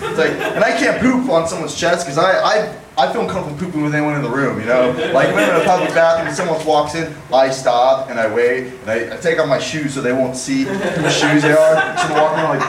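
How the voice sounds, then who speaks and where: A young man performing a rambling stand-up set, slipping into quick character voices, recorded in an echoey room from far off. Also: a little high, a loud crowd. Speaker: stand-up comedian. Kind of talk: open-mic stand-up set.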